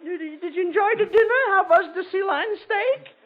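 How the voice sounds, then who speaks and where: A man's voice: extremely high pitch, normal speed, phone-quality sound. A man voicing a tearful, exasperated middle-aged housewife who whines and pleads, on an old radio broadcast. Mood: pleading. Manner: whining, rising pleas.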